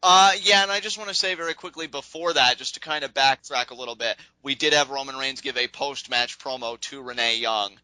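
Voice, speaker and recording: A man co-hosting a casual wrestling recap podcast, talking in an animated, rambling way and laughing often. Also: mid-range voice, a little fast, hardly any pauses, clean tone, no room sound, poor audio. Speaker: podcast co-host.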